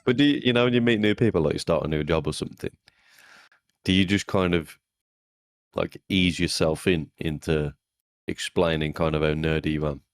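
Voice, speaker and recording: A man's voice: low-pitched, normal speed. A young man co-hosting a podcast, telling blunt stories full of swearing and acted-out quotes. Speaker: podcast co-host. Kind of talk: casual chat.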